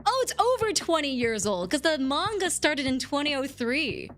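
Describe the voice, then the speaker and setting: A woman's voice: high voice, sing-song, normal speed, a bit bright, soft background music. A woman streamer chatting casually with her viewers, rambling and giggling as she answers chat.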